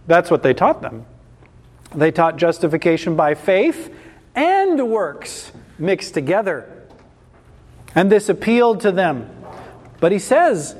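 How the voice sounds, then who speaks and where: A man's voice: sits high, lively intonation, slow, darkish tone. A man preaching a sermon, reading a Bible passage and then commenting on it in an emphatic, dramatic way. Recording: long hall reverb.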